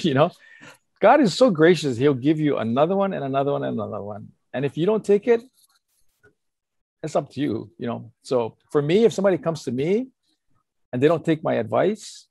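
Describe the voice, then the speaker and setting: A man's voice: fairly high pitch, fairly quick, vocal fry, husky, dry recording, clean studio sound. An older man, a pastor giving earnest counsel in casual conversation and acting out quotes as he tells stories. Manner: earnest, animated storytelling with acted quotes and chuckles.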